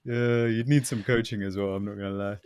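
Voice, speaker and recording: A man from the UK with a London accent, co-hosting a casual podcast in a relaxed, slangy way. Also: on the low side, a little fast, smooth, dry recording, studio quality. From United Kingdom. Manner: relaxed, slangy, drops "innit" and "bruv". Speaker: podcast co-host.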